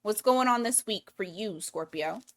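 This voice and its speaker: A woman's voice: mid-range voice, normal speed, noisy background. Lady doing a chatty tarot reading, swears a lot, talks it out as she goes. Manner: blunt, profane, chatty, thinks aloud with restarts. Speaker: tarot reader.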